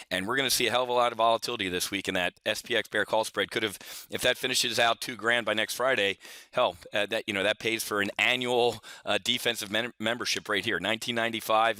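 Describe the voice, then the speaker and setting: A man's voice: on the low side, sharp tone, no echo. A man giving a rambling, opinionated market update for his trading members, full of folksy asides and restarts. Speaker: options trading educator. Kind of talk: casual solo market update.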